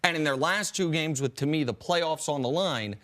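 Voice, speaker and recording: A bright, somewhat high-voiced man co-hosts a sports debate show. He argues his points with quick emphasis and keeps a forceful edge in his tone. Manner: emphatic, argumentative. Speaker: co-host.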